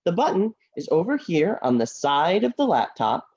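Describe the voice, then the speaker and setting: A woman voicing an upbeat, patient puppet friend who works as a teacher, speaking in a cheerful, encouraging and brisk manner. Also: on the low side, big pitch swings, darkish tone, slightly rough, dull audio. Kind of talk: puppet play acting. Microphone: laptop video call.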